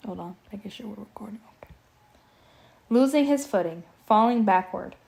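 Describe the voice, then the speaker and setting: A woman's voice: medium pitch, a little mellow. A young woman reading a horror story aloud in an amateur style, tripping over words and breaking in with joking asides. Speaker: audiobook reader. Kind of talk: casual amateur audiobook reading with commentary.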